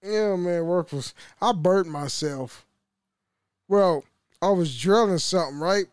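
A man's voice: high voice, slow, smooth, no echo, clean studio sound. A young man hosting a solo podcast, rambling and swearing casually, with frequent laughs and restarts. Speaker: podcast host.

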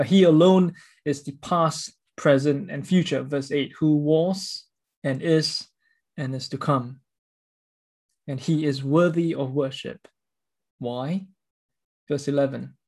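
A man's voice: medium pitch, creaky, a little mellow. A man preaching a sermon, reading scripture and explaining it in an earnest, emphatic way with repeated words.

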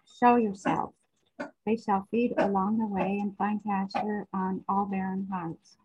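A woman in a study group reading a long scripture passage aloud in a steady voice. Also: mid-range voice, slightly rough. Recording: muffled lo-fi call audio.

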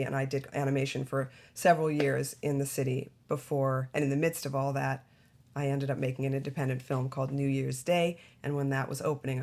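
A middle-aged actress talking about her career as a podcast guest, animated and chatty, often breaking into laughs. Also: rumbling low, vocal fry. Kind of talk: casual interview chat.

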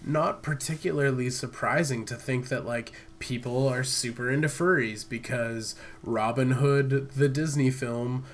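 A man's voice: mid-range voice, unhurried, hardly any pauses. A young man co-hosting a podcast, chatting loosely, musing and laughing a lot. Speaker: podcast co-host. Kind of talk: casual podcast chat.

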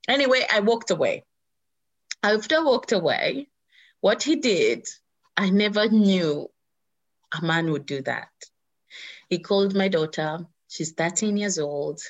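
A woman's voice: medium pitch, a little slow, long pauses. A woman in her thirties telling a personal story, acting out the voices of the people in it. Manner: animated, acts out quoted voices.

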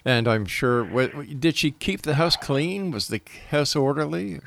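A man's voice: a little high, expressive, measured pace, gravelly, a bit bright, no echo. Radio host man asking short questions. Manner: brief prompts and pointed follow-up questions. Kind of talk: interviewing a guest.

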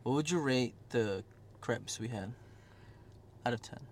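A man's voice: mid-range voice, measured pace, a little hiss or hum. A young man with a mid-range voice hosts a laid-back chat. He uses loose slang, teases his co-host, and keeps firing off questions. He sounds easygoing throughout. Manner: slangy and teasing, asks lots of questions. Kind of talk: casual chat.

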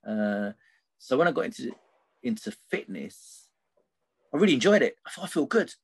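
With a medium pitch, vocal fry, and a husky quality, a middle-aged podcast guest shares a personal story at normal speed, sounding very animated. He rambles with many fillers and habitually adds "right?" to the end of what he says.

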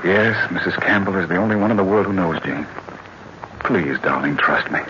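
A brooding secretive lord, really deep voice, earnest, muffled hissy old radio. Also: male voice, normal speed, pushed and bright. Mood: pleading. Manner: earnest, pleading, guarded. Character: secretive brooding master of the house. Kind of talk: 1940s radio drama acting. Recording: noisy, muffled 1940s radio recording.

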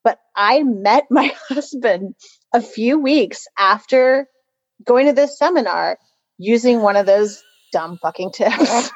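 A woman's voice: on the high side, lively intonation, slow pace, dry recording, highs cut off. A woman co-host telling a dating story in casual chat, candid and laughing, swearing freely. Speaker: podcast co-host.

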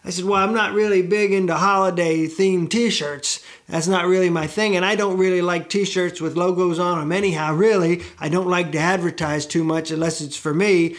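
A middle-aged man from the United States talks straight to the camera in a loose, wandering way, full of fillers and side stories. His voice sits slightly higher than most men's, and he pokes fun at himself as he goes. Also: steady tone, normal speed, hardly any pauses. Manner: chatty, self-deprecating, digressive with many fillers. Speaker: show host and musician. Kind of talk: rambling casual storytelling to camera.

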